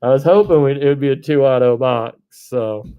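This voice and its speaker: A man, hosting a live card break stream, reading off names and breaking into excited shouts. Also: mid-range voice, normal speed, clean tone, dull audio.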